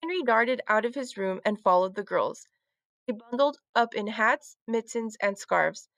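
A woman teacher reading a children's book aloud, with clear, expressive storytelling. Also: fairly high pitch, unhurried, dry recording.

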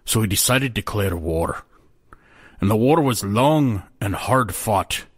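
A man's voice: on the low side, expressive, a little slow, husky, no echo, clean studio sound. A man voicing a weathered old former blacksmith's apprentice, telling a tale in old-fashioned speech. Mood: solemn, wistful. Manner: old-fashioned storytelling speech, calls listener lad.

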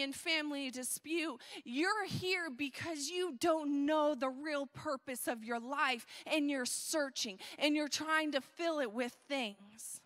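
High, bright woman preaching slowly. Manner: animated, conversational, uses repetition. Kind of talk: sermon.

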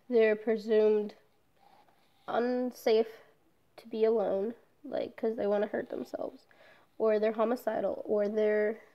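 A woman's voice: fairly high pitch, muffled recording. A young woman in a casual personal vlog, talking candidly, swearing often and trailing off with fillers. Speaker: vlogger.

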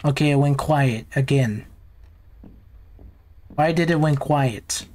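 A man's voice: fairly high pitch, slow, darkish tone, a little hiss or hum. A man giving nervous, jumpy commentary while playing a horror game, talking to himself. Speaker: gaming YouTuber.

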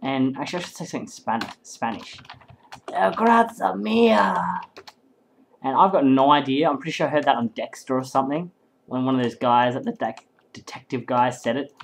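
A man casting a game live, excitable and rambling, swearing constantly. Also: medium pitch, quick pace, a little hiss or hum, rough recording. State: hyped up and sleep-deprived. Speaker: game caster.

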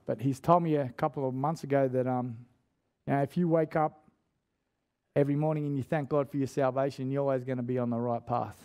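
A man's voice: medium pitch, mellow. A man preaching a casual sermon in church, telling stories in a chatty, slangy way with lots of restarts. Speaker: guest preacher.

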